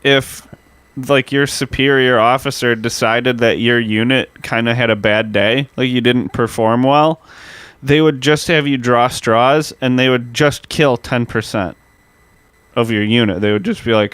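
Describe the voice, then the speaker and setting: A man's voice: mid-range voice, steady tone, normal speed, a bit bright, clean tone, no echo. A man co-hosting a history podcast, telling grim stories in a loose, profane, chatty way. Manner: loose, profane, storytelling with many "like" fillers. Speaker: podcast co-host. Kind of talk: casual podcast chat.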